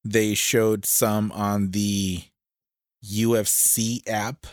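A man with a somewhat low voice chats casually as a podcast co-host. He teases his friend and laughs often. The sound is dry and close. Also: level tone, drawn-out words, no echo. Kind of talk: casual banter.

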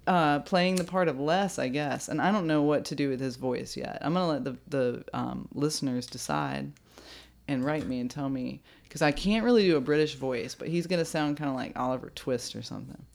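Low-pitched woman podcast host, giggly rambling chat. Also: a little fast, creaky, darkish tone. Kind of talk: casual chat.

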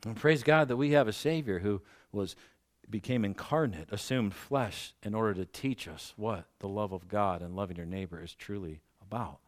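A man preaching a sermon as pastor, slowing down and swelling loud on key points, with self-mocking asides and light laughs. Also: fairly low pitch. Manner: slows down for emphasis and rises loudly on key points.

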